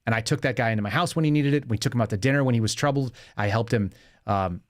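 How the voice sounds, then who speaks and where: A man hosting a live podcast, speaking in an emphatic, fast-paced monologue and reading a post aloud. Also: mid-range voice, no echo, studio quality. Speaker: podcast host.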